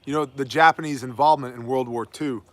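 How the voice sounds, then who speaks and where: A man's voice: mid-range voice, fairly even intonation, fast talker, no room sound. A man delivering an opinionated daily news monologue, emphatic and preachy, with wry asides. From United States. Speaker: prepper news commentator.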